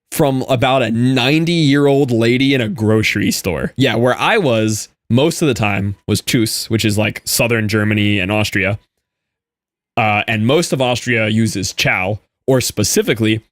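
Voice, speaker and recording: A man's voice: mid-range voice, dry recording. A young American man chatting casually while gaming, explaining things loosely with lots of "like"s. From United States. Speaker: gaming streamer.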